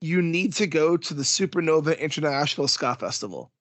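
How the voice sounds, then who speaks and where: Man, podcast host, slightly strained voice, fairly high, dry sound. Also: expressive, brisk, no echo. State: strained voice from yelling. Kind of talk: casual podcast chat.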